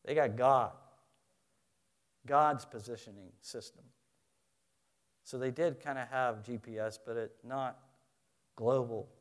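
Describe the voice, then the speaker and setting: A man preaching a sermon in an animated way, rising loud and then dropping quiet, asking his listeners questions. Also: medium pitch, takes it slowly, long pauses. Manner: asks the audience questions. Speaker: pastor.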